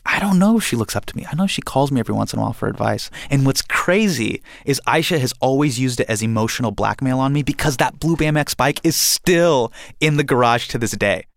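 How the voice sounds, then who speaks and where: Young male storyteller, from India, vocal fry, mid pitch, acts out every quote. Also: quick pace, few pauses, dry recording. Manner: lively, animated retelling with acted-out quotes. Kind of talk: personal storytelling.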